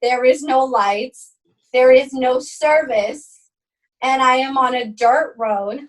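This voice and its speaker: Animated young woman telling a wild story. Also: takes it slowly, far from the mic, low-quality recording. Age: young adult. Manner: animated, swearing, acts out quotes with big pitch jumps. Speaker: podcast co-host. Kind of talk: casual storytelling chat.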